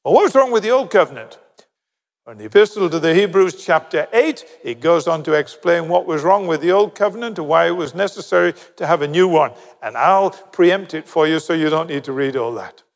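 An older man delivers a sermon with lively storytelling and quick asides. His voice sits a bit high, carried by the long reverb of a large hall. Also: gravelly. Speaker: preacher.

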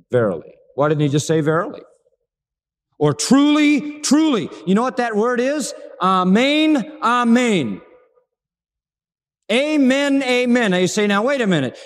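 A man delivers a sermon in a high voice that swoops up and down with real animation. He gets dramatic and acts out the words he quotes. His voice trails off in the long reverb of a large hall. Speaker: preacher.

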